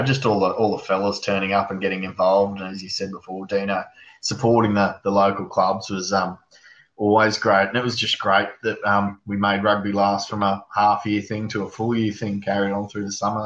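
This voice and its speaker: A man's voice: lowish voice, flat delivery, a little fast, a bit bright. An Australian man, a podcast guest, chatting casually, laughing often and restarting his sentences. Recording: echoey, dull lo-fi call audio.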